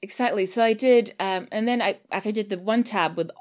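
A woman's voice: mid-range voice, fairly quick. A woman who produces audio dramas and acts, chatting casually and thinking aloud with fillers and restarts. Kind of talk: casual chat.

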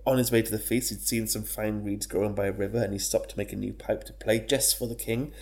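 A man's voice: fairly low pitch, steady tone, fast talker, creaky. A man, a podcast co-host retelling an old legend in casual, slangy, sweary chat, laughing often. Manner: swearing, laughing, slangy, bursts into shouted character voices.

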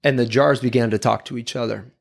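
Earnest gravelly man giving a sermon. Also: mid-range voice, steady tone, fast. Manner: earnest, confessional, reflective. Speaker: speaker giving a devotional talk. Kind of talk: sermon-style talk.

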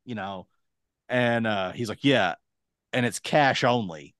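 A young man and podcast co-host telling a casual, lively anecdote, acting out other people's lines as he goes. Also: medium pitch, slow, no echo, studio quality. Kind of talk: casual storytelling.

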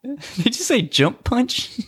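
Animated joking man, lively pitch. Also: slow, slightly rough. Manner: jokey, animated, laughs often. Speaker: co-host. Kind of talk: casual play-by-play banter.

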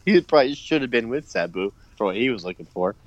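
A man's voice: medium pitch, quick pace, no room sound, muffled recording. A man in his thirties, chatting casually as a podcast co-host, telling stories with lots of energy and frequent laughter. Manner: animated storyteller, laughs often. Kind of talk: casual chat.

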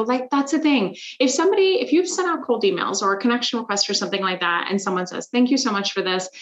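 A woman guest on a podcast, telling animated, emphatic stories about sales with exasperated asides. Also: medium pitch, highs cut off. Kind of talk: casual interview chat.

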